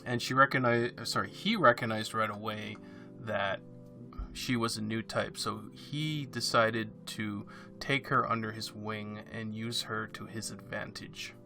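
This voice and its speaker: Bright-voiced Canadian man, hesitant. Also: on the low side, fairly even intonation, a little slow, creaky, soft background music. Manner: hesitant, many uh and um fillers. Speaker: podcast co-host. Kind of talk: casual podcast chat.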